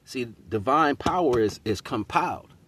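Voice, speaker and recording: A man's voice: medium pitch, animated, normal speed, a bit bright, breathy edge. A man giving a casual spiritual monologue in street slang, preaching about relationships and accountability and often asking "you know what I'm saying". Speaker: host.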